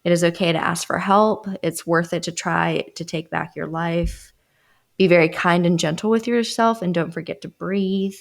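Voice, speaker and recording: A woman's voice: on the low side, fairly even intonation, moderate pace, creaky. A woman co-hosting a casual therapy podcast, reading listener answers aloud and laughing often. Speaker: psychologist podcast co-host. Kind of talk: casual group podcast chat.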